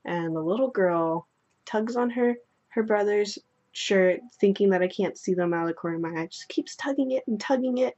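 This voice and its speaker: A young woman speaking at normal speed in a mid-range voice fields follower questions casually. The sound is dull and lo-fi, and she tells animated stories, playful and swearing freely.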